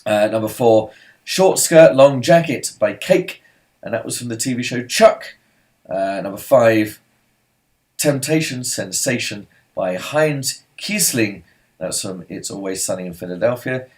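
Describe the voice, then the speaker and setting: A man hosts a casual quiz, reading answers in a somewhat low voice. He talks in a loose, chatty way, full of ums and little side remarks. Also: expressive, a little slow, a little mellow. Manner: chatty, rambling asides and filler-heavy. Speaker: pub quiz host.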